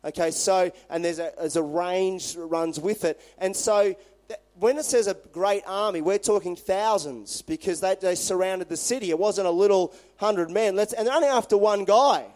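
Brief: male pastor, fairly high voice, conversational animated sermon delivery. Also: moderate pace. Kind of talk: sermon with scripture reading.

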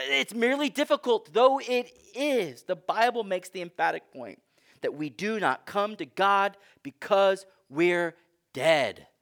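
A man's voice: high-pitched, fairly bright tone. A man preaching a sermon in a conversational, emphatic way. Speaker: pastor.

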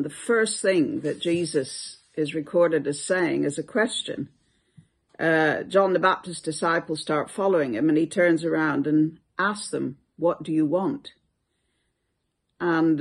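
Slow, gravelly voice giving a devotional talk. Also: medium pitch. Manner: reflective, unhurried, many hesitations. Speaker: Bible teacher.

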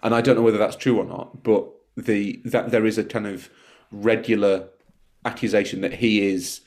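A man's voice: fairly low pitch, steady tone, moderate pace, a little mellow. A man talking casually on a podcast panel, joking and interrupting himself. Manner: chatty, self-interrupting, joking. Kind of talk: casual chat.

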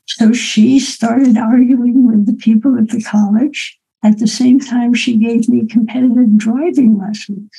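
An elderly woman in her eighties tells a personal story slowly and reflectively, with a dark, mellow voice that is gravelly and a little husky. She often checks in with her listeners as she goes. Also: a little high, steady tone, poor audio. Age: 80s. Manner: unhurried, reflective, with asides of "right?" and "okay?".

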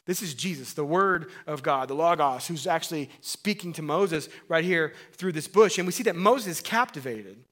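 A man preaching a sermon in an earnest, conversational way, rising to emphatic bursts and dropping to quiet asides. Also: fairly high pitch, lively intonation, moderate pace, hardly any pauses. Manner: restarts and fillers, conversational. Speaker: pastor.

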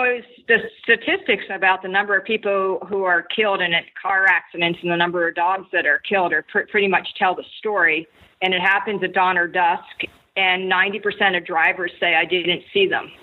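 A woman entrepreneur, a podcast guest, telling her story in lively anecdotes. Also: lowish voice. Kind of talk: interview answers, storytelling. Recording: tinny phone line.

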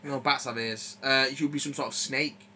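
A man on a podcast talks in a bright, forceful voice, rambling through recommendations with plenty of fillers and restarts. His delivery is loose and conversational. A faint hum sits under the recording. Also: medium pitch, steady tone, fairly quick. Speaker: podcast co-host. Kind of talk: casual chat.

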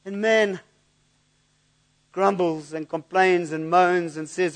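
A man's voice: high-pitched, fairly even intonation, slow, long pauses. A man preaching a sermon in an earnest, searching way, often repeating words as he looks for the next thought. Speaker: pastor.

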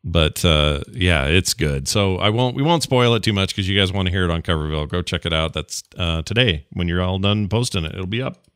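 A man's voice: sits low, animated, brisk, hardly any pauses, a bit bright, clear, resonant tone, dry recording, clean studio sound. A middle-aged man co-hosting a podcast in casual chat, joking and rambling, with mock rants. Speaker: podcast co-host.

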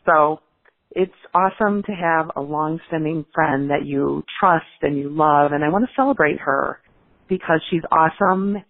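A woman from Chicago calling in to a radio show, gushing warmly about a friend. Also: sits low, moderate pace. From Chicago, USA. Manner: warm, gushing praise of a friend. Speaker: caller. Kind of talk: call-in message. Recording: tinny phone line.

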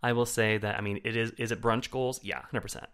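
Animated male podcast co-host. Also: a little fast, clear, resonant tone. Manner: animated storyteller, jumps into shrill impressions. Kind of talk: casual film review chat.

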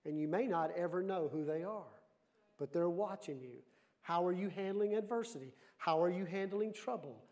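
A man preaching a sermon with a high, bright voice. He is lively and keeps turning questions back on the congregation, mixing stories with direct appeals. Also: moderate pace. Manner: lively, asks the audience questions. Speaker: pastor.

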